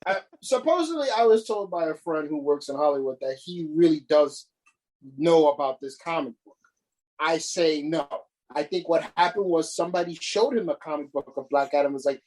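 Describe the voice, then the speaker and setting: A man's voice: a little high, moderate pace, a little mellow, low-quality recording. Ranting, swearing male podcast co-host. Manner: ranting, swears often, many restarts. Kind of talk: casual podcast chat.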